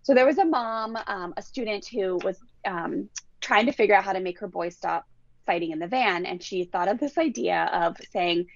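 A woman who is a parenting educator and podcast guest, telling stories in a lively way and acting out quotes, with frequent "like" fillers. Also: moderate pace, creaky, no echo. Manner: animated, acts out quotes with big pitch jumps, many "like" fillers. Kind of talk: conversational storytelling interview. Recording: dull, muffled, lo-fi audio.

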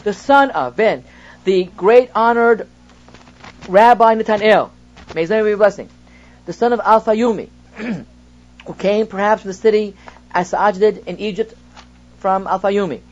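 A man's voice: high voice, unhurried, pauses often. Male rabbi, class lecture: explanatory, poses rhetorical questions; muffled lo-fi recording. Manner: explains by example, poses rhetorical questions, reads Hebrew then translates. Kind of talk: text study lesson.

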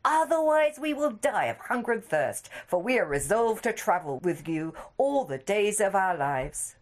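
A woman's voice: medium pitch, big pitch swings, moderate pace, lightly acted. A woman voicing eager young monks who plead earnestly with their abbot.

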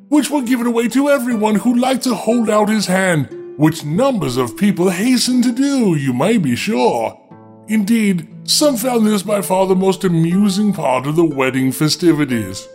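A man's voice: sits high, animated, moderate pace, darkish tone, faint music behind. A man reading a fairy tale aloud for comedy, breaking off for sardonic asides to his listeners. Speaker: storyteller.

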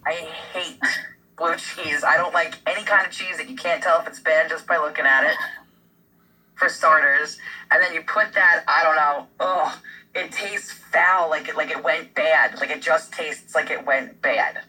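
A woman's voice: deep voice, fairly even intonation, normal speed, bright, forceful tone, breathy edge, distant mic, soft background music, low-quality recording. A woman in a casual chat, talking with emphatic, dramatic dislike.

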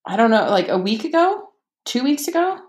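A woman author talking casually about books, chatty, with many fillers and animated quoting. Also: on the high side, fairly quick. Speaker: author guest. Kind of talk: casual podcast conversation.

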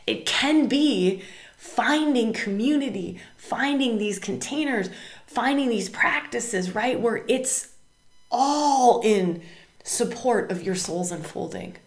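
A woman's voice: fairly high pitch, expressive, slow. Emphatic woman host in an echoey room. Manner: emphatic, repeats words and tags "right?". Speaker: podcast host. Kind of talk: spiritual astrology talk.

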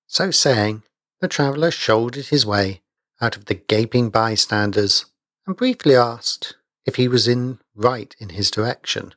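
A man reading a story aloud in a measured storytelling manner. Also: on the low side, fairly bright tone, no room sound, studio quality. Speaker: narrator. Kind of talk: audiobook reading.

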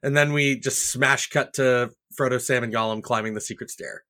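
A man hosting a podcast in easy, jokey chat. His voice is bright and forward. He riffs and banters with his co-hosts. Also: medium pitch, steady tone, normal speed. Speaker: podcast host. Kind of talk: casual chat.

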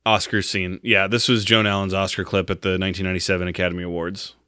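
Bright-voiced man joking through a recap. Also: sits low, flat delivery, quick pace, no room sound, studio quality. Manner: joking, profane, acts out lines. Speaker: podcast co-host. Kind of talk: casual movie recap chat.

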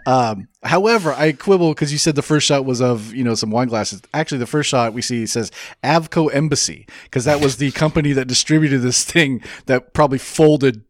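A man with a middle-pitched, everyday voice trades opinions about a film. He throws in dry, sarcastic jokes. The recording is dry and close. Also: a little fast, few pauses, no room sound. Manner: wry, sarcastic asides. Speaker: podcast co-host. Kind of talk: casual chat reviewing a movie.

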